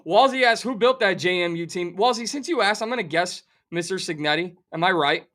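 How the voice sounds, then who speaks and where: A middle-aged man hosting a sports talk show, delivering an animated, sarcastic rant of theatrical outrage about a football game and a bet. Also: high-pitched, a little fast. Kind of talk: fired-up sports betting rant.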